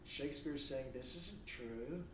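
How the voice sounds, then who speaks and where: A man's voice: mid-range voice, unhurried, a bit bright, a little hiss or hum. A man giving a lecture who asks rhetorical questions and acts out imagined dialogue. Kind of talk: recorded university lecture. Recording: echoey room, mic at a distance.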